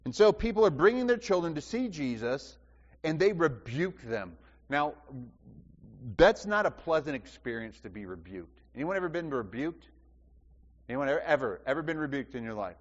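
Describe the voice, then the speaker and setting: A man with a fairly high, very lively voice preaches a sermon, asking the congregation questions and repeating phrases for emphasis. His voice rings through a church hall with a long reverb. The recording sounds dull. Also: normal speed. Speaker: pastor.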